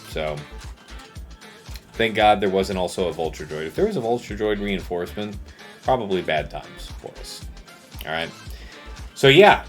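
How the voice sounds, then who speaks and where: Lively chatty man streaming a game. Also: fairly low pitch. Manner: chatty, joking replies to chat. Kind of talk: casual gaming stream commentary.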